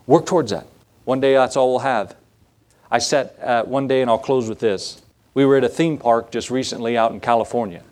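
A man's voice: medium pitch, a little mellow. A male pastor giving a sermon, telling folksy personal stories in an earnest, conversational way, likely in a church sanctuary.

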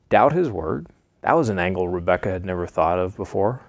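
A man reading a story aloud in an earnest, slightly halting way with small slips. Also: sits low, lively intonation, no echo. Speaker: narrator.

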